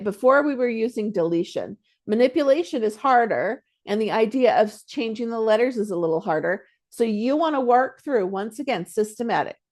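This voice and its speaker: Chatty woman tutor explaining reading drills. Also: medium pitch. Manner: chatty, self-correcting, demonstrates drills aloud. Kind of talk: casual instructional talk.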